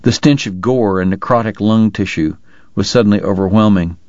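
Male audiobook narrator, measured and even, lowish voice, dry slightly muffled read. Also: dry recording. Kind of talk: scripted narration.

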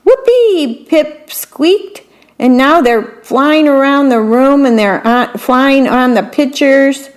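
A woman reads from a picture book in a high-pitched voice, slow yet with hardly any pauses, and she stops to talk casually about what every picture depicts.

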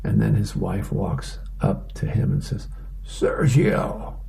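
A man reading the newspaper comics aloud for a radio reading service, casual and relaxed with fillers. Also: low voice, measured pace, vocal fry, rough recording. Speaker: volunteer newspaper reader.

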